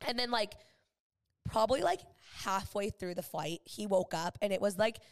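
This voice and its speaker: A woman in her twenties co-hosting a podcast, telling a rambling story in casual chat and acting out what people said. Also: medium pitch. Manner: animated, acts out quoted voices, fast rambling. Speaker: podcast co-host.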